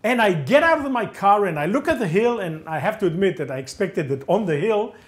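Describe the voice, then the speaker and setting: A man lecturing as a gripping storyteller, his fairly high voice swooping up and down as he acts out each exchange. He delivers the tale in the first person with a theatrical flair. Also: a little fast. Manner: animated, acts out dialogue with shifting voices.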